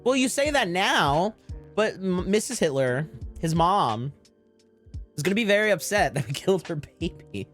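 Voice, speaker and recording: A young male streamer in a loose, joking, profane chat with his audience. His voice sits a little high and swings up and down a lot as he rambles from one bit to the next. Quiet music plays underneath. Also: sing-song, moderate pace. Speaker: live streamer. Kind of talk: casual chat to stream viewers.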